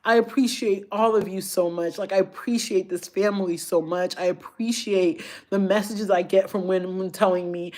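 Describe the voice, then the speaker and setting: A woman's voice: medium pitch, steady tone, normal speed, darkish tone. Chatty emotional woman in her thirties. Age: 30s. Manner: chatty, emotional, addresses viewers as y'all. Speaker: fashion YouTuber. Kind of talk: casual live-stream chat.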